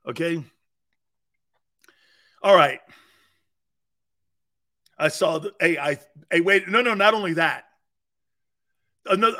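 A man hosting a live sports talk show, loud and joking, often laughing at his own lines. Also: on the high side.

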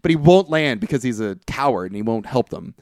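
A man co-hosting a podcast, casually recapping a film's plot, chatty and quick to laugh. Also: medium pitch, expressive, a little mellow, dry recording, studio quality. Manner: laughs often, chatty and loose. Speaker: podcast co-host. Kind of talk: casual movie recap chat.

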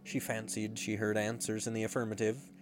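A man narrating a storybook in a measured, expressive reading. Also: on the low side. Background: faint guitar music.

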